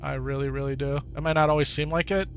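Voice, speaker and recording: His voice sits on the high side, steady and fairly bright, moving at a quick pace, though the recording cuts off the highs. A Wisconsin-accented man from the United States, he streams a video game live, commenting on play while reading chat, chatting easily and frequently repeating himself.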